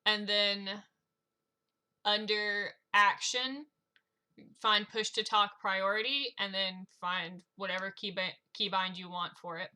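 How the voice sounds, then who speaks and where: Woman player, bright voice, talks through steps plainly. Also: medium pitch, fairly even intonation, slow pace, clear, resonant tone. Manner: explains things step by step, laughs easily. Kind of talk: casual chat before a tabletop game.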